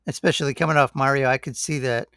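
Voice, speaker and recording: A man co-hosting a podcast in casual chat, relaxed and rambling. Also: medium pitch, fast talker, vocal fry, clear, resonant tone, no room sound, clean studio sound. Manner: relaxed, rambling, says "like" and "you know" a lot. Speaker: podcast co-host.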